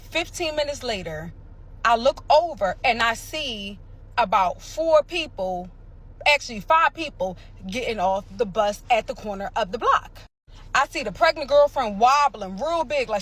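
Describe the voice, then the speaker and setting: Woman, casual storytime monologue, dramatic sound effects, fairly high voice. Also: expressive, moderate pace.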